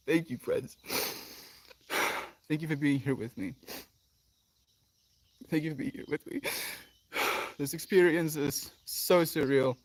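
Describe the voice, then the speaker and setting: A man's voice: on the high side, takes it slowly, pauses often, no room sound. A man hosting a daily livestream in an emotional, effusive chat, often sighing and laughing as he thanks viewers. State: emotional, near tears. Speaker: livestream host.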